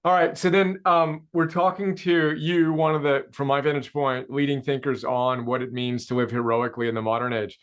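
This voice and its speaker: A man's voice: mid-range voice, little pitch movement, normal speed, few pauses. A man hosting a podcast interview, upbeat and encouraging, with casual slang. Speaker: podcast host.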